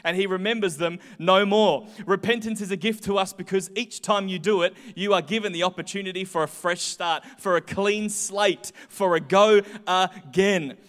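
Young male pastor, high voice, lively storyteller, long hall reverb. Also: normal speed, hardly any pauses. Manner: chatty, animated storytelling with voiced asides. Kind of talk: sermon with personal stories.

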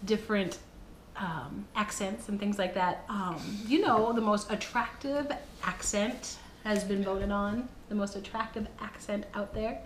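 A woman's voice: medium pitch, measured pace. A woman co-hosting a podcast in casual chat, playful and giggly, with many fillers. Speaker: podcast co-host. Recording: roomy echo, faint hiss.

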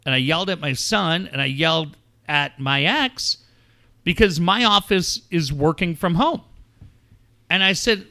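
A middle-aged man telling a story in casual chat, animated and swearing often. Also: a little high, unhurried. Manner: animated, swears often, acts out quoted shouts. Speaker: show regular telling a story.

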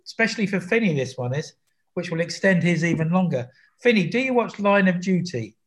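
Earnest man with a higher voice. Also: big pitch swings, brisk. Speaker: podcast co-host. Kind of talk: casual football podcast chat.

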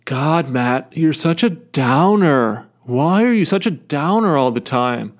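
A man's voice: on the high side, expressive, takes it slowly. A man doing a whiny exasperated stand-up comic. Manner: whiny rhetorical questioning. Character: exasperated male stand-up comedian ranting.

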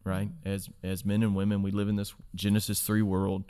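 Low, soft-spoken man. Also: monotone, moderate pace, smooth. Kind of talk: casual discussion.

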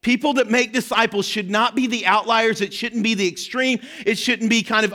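A young man with a high voice preaches to his congregation. He drives each point home with urgent, direct appeals and breaks into shouts at the climaxes. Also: fairly quick, few pauses. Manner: impassioned, rises to shouting at peaks. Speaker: pastor. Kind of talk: sermon.

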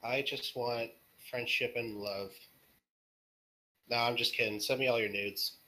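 A man's voice: mid-range voice, fairly even intonation, measured pace, bright, forceful tone, rough recording. Male interview guest, laid-back and joking, self-deprecating. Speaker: podcast guest, story author. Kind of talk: casual interview chat.

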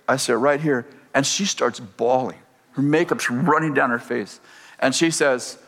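A man preaching a sermon, telling a story with animated delivery, acting out the dialogue and laughing often. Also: medium pitch, measured pace, long reverb tail.

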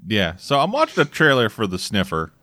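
A man's voice: fairly low pitch, wildly swooping pitch, a little fast, bright, forceful tone, dry recording. Man joking in dry close sound. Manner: joking, blunt, swears casually. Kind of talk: casual chat.

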